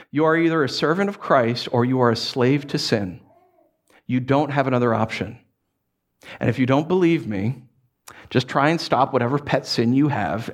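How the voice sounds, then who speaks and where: A man in his thirties preaching a sermon as pastor, animated and joking as he tells stories. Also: medium pitch. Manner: animated, jokey storytelling with laughs.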